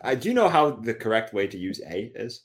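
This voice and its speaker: Rambling Canadian man, lowish voice. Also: sing-song, fairly quick. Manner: rambling, many fillers and restarts, laughs often. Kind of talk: casual chat.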